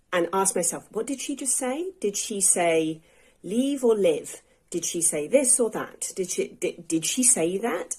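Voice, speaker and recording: A woman with a slightly low voice talks to camera in a relaxed, unpolished vlog. She is an English teacher speaking candidly from home, chatty and thinking aloud with easy fillers. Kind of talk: casual unscripted vlog monologue. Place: indoors at home.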